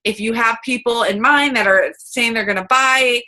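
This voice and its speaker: A team coach gives a chatty, upbeat coaching talk over a video call, full of fillers and quoted asides. Her voice is a little high, pushed and bright, at normal speed.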